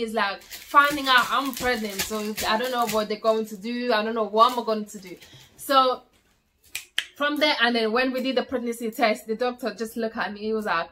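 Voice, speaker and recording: Young woman, bright voice, fairly high pitch, casual storytime vlog, acts out quoted dialogue, loud then hushed. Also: moderate pace. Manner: frequent fillers and restarts, swinging from loud to hushed. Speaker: vlogger.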